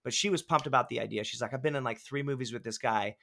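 A man on a podcast telling animated, profanity-laced stories about making films, acting out what people said. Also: mid-range voice, fast, creaky. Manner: animated, swears often, acts out quotes. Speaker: filmmaker guest. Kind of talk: casual podcast storytelling.

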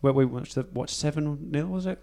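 A playful English man co-hosting a football podcast and telling stories with a chatty, rambling delivery. His voice sits a little higher than most men's. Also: a little fast, creaky, warm tone. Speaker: podcast co-host. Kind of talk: casual football chat.

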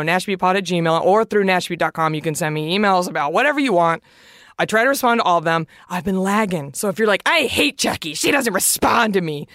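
A woman's voice: medium pitch, fairly bright tone, no echo, studio quality. A woman hosting a podcast alone, chatting in a confessional, emphatic way and swearing freely. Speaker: podcast host. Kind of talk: casual solo podcast chat.

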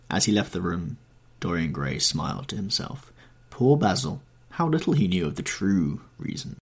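A man who hosts a storybook podcast, reading a classic novel aloud in a measured, expressive way. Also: sits low, gravelly, breathy edge. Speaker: podcast host and reader. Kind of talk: scripted narration of a classic novel.

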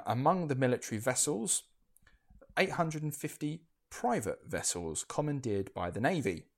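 A man with a low voice hosts a relaxed history podcast. His talk is blunt and peppered with swearing, and he often restarts his sentences mid-thought. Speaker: podcast host. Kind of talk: casual history podcast chat.

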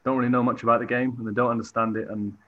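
A man's voice: medium pitch, level tone, racing. A man from England, a football goalkeeper, answering interview questions hesitantly with many restarts. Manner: hesitant, lots of fillers and restarts. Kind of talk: relaxed sports interview. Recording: dull lo-fi audio.

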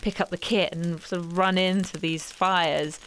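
Woman telling field stories, lowish voice, gets animated doing quotes. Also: unhurried, a little hiss or hum. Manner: animated, acts out quotes in a higher voice. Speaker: wildlife filmmaker interviewee. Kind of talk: conversational storytelling.

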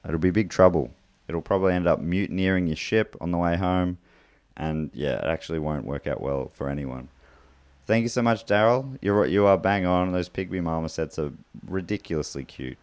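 A man's voice: low-pitched, moderate pace, darkish tone, dry recording. A man hosting a podcast, chatting casually in a loose, rambling way with plenty of fillers and restarts. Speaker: podcast host and comedian. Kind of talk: casual podcast chat, reading listener mail.

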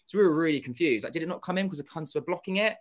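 A young man telling a story as an interview guest, animated and acting out quoted dialogue, with casual swearing. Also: a little high, rapid-fire. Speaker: interview guest, former contestant.

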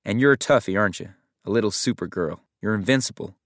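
A man's voice: fairly low pitch, fast talker, dry recording, clean studio sound, natural voice. A man reading a story voices a confident, commanding woman who dotes on a hurt child, with a Texan drawl. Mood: encouraging. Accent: Texan drawl put on. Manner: warm teasing and emphatic. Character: glamorous confident woman aunt, commanding and doting.

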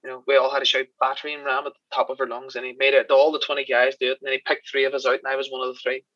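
An Irish man, a podcast guest, telling animated stories in casual chat, swearing and laughing as he goes. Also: medium pitch, very fast, dry recording, dull audio. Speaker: podcast guest, special effects crew member.

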